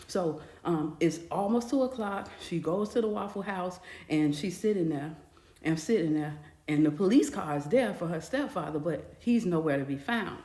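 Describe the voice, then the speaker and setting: A woman's voice: lowish voice, moderate pace. Chatty woman storyteller in echoey room. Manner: chatty, animated retelling. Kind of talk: casual storytime narration.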